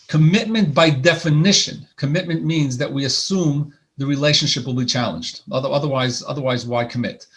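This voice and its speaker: A man gives a lecture on marriage in a loose, conversational way. His voice sits a little high for a man, and he often trips into restarts and repeated words as he works toward his point. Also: a bit bright. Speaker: couples therapist. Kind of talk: lecture presentation. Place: lecture hall.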